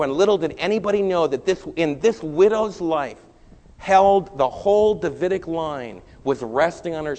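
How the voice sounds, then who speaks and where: A man preaching a sermon, telling a Bible story with animated rises and quieter stretches. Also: a little high, big-room sound. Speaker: pastor.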